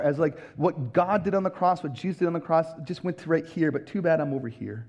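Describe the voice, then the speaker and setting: An earnest man speaks in a preaching-style podcast monologue, his voice a little husky and pitched somewhat high for a man. He stays emphatic throughout and slips into voices when he quotes people. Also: a little fast, hardly any pauses, darkish tone, muffled recording. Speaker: podcast host, pastor.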